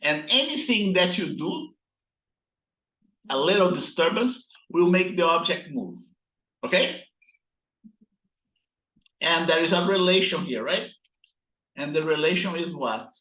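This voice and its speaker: A man gives a physics lecture at a slow, deliberate pace, stopping often to ask his students "right?" while he edits his slides. The recording sounds roomy and echoey, with a dull, muffled tone. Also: fairly high pitch, a bit bright. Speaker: physics instructor.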